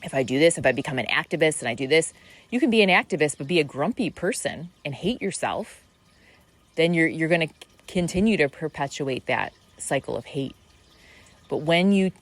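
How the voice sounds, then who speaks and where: A middle-aged woman hosting a podcast, musing in a meandering spiritual monologue full of fillers and restarts. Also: low voice. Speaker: podcast host.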